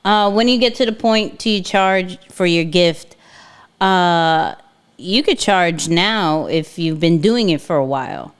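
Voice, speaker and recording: A woman's voice: on the low side, takes it slowly, clean tone. A woman co-hosting a casual live chat, answering viewer questions with rambling side notes. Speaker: co-host.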